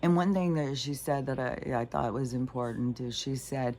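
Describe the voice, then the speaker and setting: A woman's voice: a bass voice, steady tone, normal speed, dark tone, slight background noise. A middle-aged woman talking casually and bluntly, rambling with lots of fillers and swearing. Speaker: spiritual vlogger.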